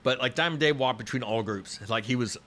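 A man in his fifties chats on a podcast, spinning loose stories with constant fillers and restarts. His voice has a bright, forward edge at an ordinary pitch. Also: fairly quick, slight background noise. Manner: rambling, storytelling with many fillers and restarts. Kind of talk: casual podcast conversation.

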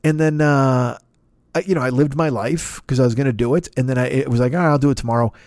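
A middle-aged man hosting a podcast, ranting comedically in a profane, excitable way that swings between loud and quiet. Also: medium pitch, brisk, no echo, studio quality. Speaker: podcast host. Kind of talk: comedic rant.

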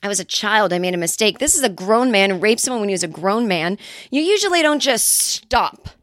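A woman hosting a comedy podcast, ranting in a sarcastic, profane monologue and jumping into high mocking voices when quoting others. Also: expressive, fairly quick, a bit bright, dry recording, studio quality. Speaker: podcast host.

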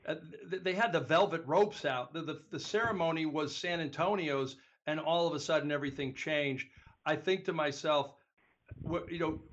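A man's voice: a little high, a bit bright, lo-fi sound. A man hosting an interview, eager and heartfelt as he asks about stories. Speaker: host. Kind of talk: casual interview.

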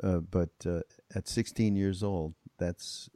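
A man's voice: deep voice, fairly even intonation, slow pace, warm tone, no echo. A man hosting an interview, speaking thoughtfully and restarting phrases as he searches for words. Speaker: host, interviewer. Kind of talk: casual conversational interview.

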